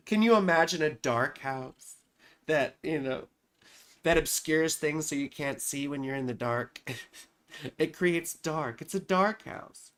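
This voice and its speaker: Slow, soothing man reading charts. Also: a little high. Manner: soft-spoken and consoling, calls viewers baby and sweetheart, swears casually. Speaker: astrologer hosting a live chart-reading stream. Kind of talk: casual live-stream chart reading. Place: home, with a cat nearby.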